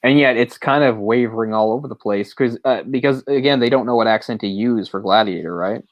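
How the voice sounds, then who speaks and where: A man's voice: medium pitch, a little fast, no room sound, muffled recording. A man co-hosting a movie podcast, rambling and opinionated, often chuckling as he talks. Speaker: podcast co-host. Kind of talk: casual movie discussion.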